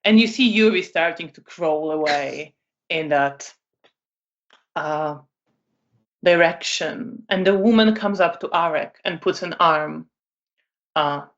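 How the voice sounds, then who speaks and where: A woman narrating a tabletop role-playing game as storyteller, in an unhurried way with many fillers. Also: deep voice, muffled recording.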